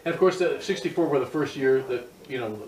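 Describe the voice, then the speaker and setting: Male interviewer, halting and full of restarts, recorded from a distance in a roomy space. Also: mid-range voice, darkish tone, slight background noise. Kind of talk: interview questions.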